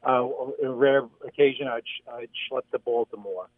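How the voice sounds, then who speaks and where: Halting male caller on a phone line. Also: mid-range voice, no room sound. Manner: halting, many restarts, rueful. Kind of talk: casual call-in chat. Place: New York City.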